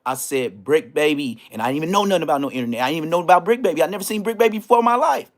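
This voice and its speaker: Animated Los man telling stories. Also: high-pitched, racing. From Inglewood, Los Angeles. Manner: animated, slang-heavy, bursts into loud exclamations. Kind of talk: casual storytelling rant.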